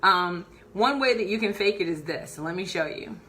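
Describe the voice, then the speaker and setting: A woman coaching viewers on camera in a live video tutorial. Her voice is bright and forward, her delivery upbeat and animated. She moves around her indoor office while she talks, so she sometimes drifts a little off the mic. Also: on the low side, normal speed.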